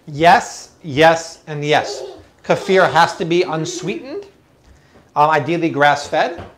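A man's voice: on the high side, expressive, slow pace, a bit bright, a little hiss or hum. A man hosting a live cooking stream from a home kitchen, enthusiastic and exclamatory. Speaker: cooking show host.

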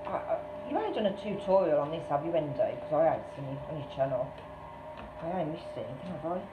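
A woman's voice: sits low, lively intonation, fast. A woman chatting casually as she unboxes a parcel on her craft channel, gushing and exclaiming often. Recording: tinny, echoey, noisy room sound.

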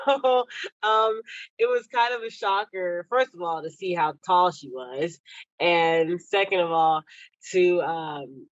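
A woman's voice: slow, long pauses, no echo. Giggly young woman from Texas, dry lo-fi sound. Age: young adult. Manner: giggly, laughs often between phrases; jumps into high, animated voices when quoting people. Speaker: podcast guest, Olympic wrestler. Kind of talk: casual interview chat. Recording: dull, slightly lo-fi, dry sound.

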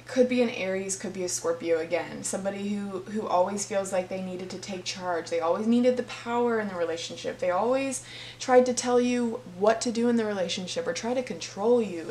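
A woman's voice: mid-range voice, darkish tone. A woman reading tarot cards for her viewers, talking to them directly in a heartfelt, earnest way. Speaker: tarot reader. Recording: echoey room with faint hum.

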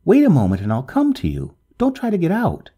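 A man's voice: fairly high pitch, huge pitch swings, brisk, slightly rough, dull audio, pitched above the performer's own voice, heavily acted. A man voicing a plucky, anxious young male passenger, calling out urgently. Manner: urgent, shouting over wind.

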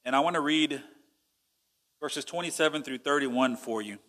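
A man's voice: a little high, normal speed, fairly bright tone. A man with a Texan accent preaching a sermon as pastor, conversational, with rhetorical questions.

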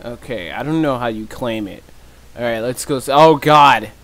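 A man's voice: normal speed, fairly bright tone, dry recording. A young man doing gameplay commentary as a YouTuber, joking and teasing, often breaking into laughter. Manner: laughs often, shrieks high when chased; joking, teasing trash talk. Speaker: gaming YouTuber.

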